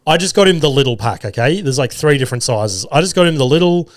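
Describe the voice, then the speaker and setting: An Australian man in his thirties hosts a podcast, his slightly high, expressive voice moving fast through a rambling casual monologue. He swears freely and pokes fun at himself along the way. The studio recording is clean with no echo.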